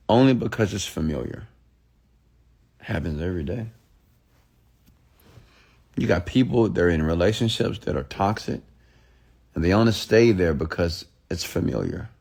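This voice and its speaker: A man with a deep, gravelly, husky voice that's a little mellow delivers a blunt, profane late-night motivational rant. This motivational speaker mocks people by quoting their excuses back in a raised voice.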